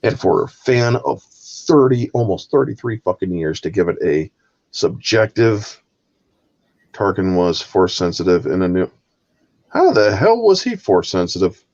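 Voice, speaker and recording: A man's voice: sits low, big pitch swings, measured pace, a little mellow, dull audio. A man hosting a heated live movie review, ranting with constant swearing. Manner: profane, exasperated ranting. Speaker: host.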